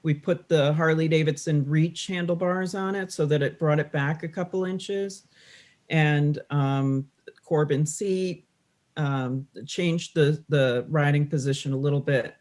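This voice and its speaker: A woman's voice: low voice, unhurried. Woman editor explaining steadily. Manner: informative, steady, with fillers. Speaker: guest, magazine editor. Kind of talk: casual chat.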